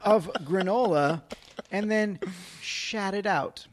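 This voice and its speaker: A man's voice: high voice, takes it slowly. A man hosting a casual food taste-test, joking and making mock-announcer asides to viewers.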